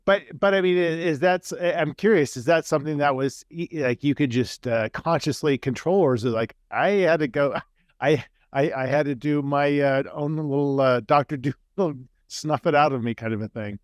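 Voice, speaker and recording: A man's voice: fairly high pitch, moderate pace, smooth, no room sound, clean studio sound. A man hosting an author interview on a video call, friendly and curious, often restarting his sentences. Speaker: podcast host and author. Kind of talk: casual interview chat.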